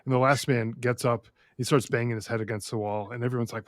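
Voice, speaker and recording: A man hosting a podcast in casual chat, friendly and loose, with plenty of filler words and restarts, on a close mic. He keeps the talk relaxed and informal. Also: mid-range voice, fast talker, dry recording. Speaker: podcast host.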